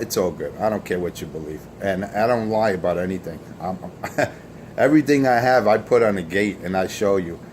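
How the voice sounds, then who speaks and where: A man's voice: on the low side, a little hiss or hum. A man hosting a CB radio show, boasting and taunting rivals in a profane, self-assured way. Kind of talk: boastful on-air trash talk.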